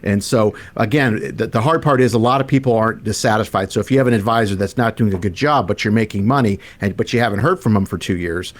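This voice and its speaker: A man's voice: fairly low pitch, quick pace, few pauses. A man from Arizona, a financial planner, talking loosely on a radio show with many "you know" fillers. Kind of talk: radio talk show chat.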